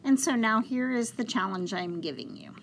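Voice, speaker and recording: A woman's voice: on the high side, normal speed, a little hiss or hum. A woman teacher giving a classroom lesson on poetry, patiently explaining step by step and counting syllables aloud.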